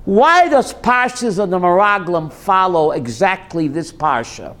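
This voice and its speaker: Animated high-voiced rabbi teaching. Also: male voice, measured pace. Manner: joking, quizzes the audience. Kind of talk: Torah class. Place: class with a live audience.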